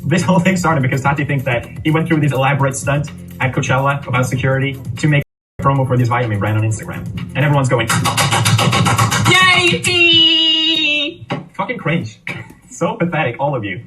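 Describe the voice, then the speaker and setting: A man's voice: mid-range voice, fast talker, distant mic, faint music behind, low-quality recording. A man giving blunt, critical opinion commentary with a sarcastic edge. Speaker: online commentator.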